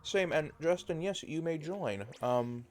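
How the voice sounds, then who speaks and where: A man's voice: a little high, expressive, measured pace. A man with a Canadian accent, hosting a live game stream from home and chatting casually while he plays, rambling with lots of fillers. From rural Canada. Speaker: streamer host. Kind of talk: casual chat while gaming.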